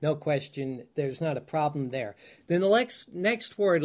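A man preaching a teaching sermon, unhurried, with many fillers and restarts and emphatic repetitions. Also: on the high side.

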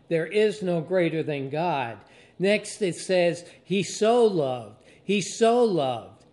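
A pastor preaching a sermon to his congregation, slowly stressing key phrases and drawing out his emphasis. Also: sits high. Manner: slow, deliberate preaching with drawn-out emphasis.

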